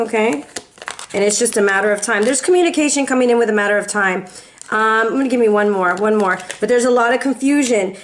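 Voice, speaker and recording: A woman giving a casual, chatty tarot reading, playful and animated, who slips into quoted voices and bits of song. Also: on the high side. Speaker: tarot reader.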